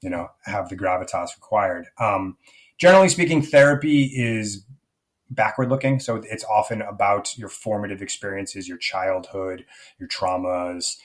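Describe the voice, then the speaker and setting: A man's voice: on the low side, normal speed. A man speaking as a life coach guest in a podcast interview, reflective and rambling, with many fillers and restarts.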